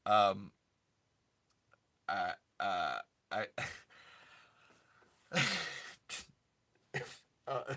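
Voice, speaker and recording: A man's voice: low-pitched, animated, extremely slow, long pauses, pushed and bright. A man hosting a casual livestream chat. He is giggly and rambling and often breaks off mid-sentence. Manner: giggly, rambling, self-interrupting. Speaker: host.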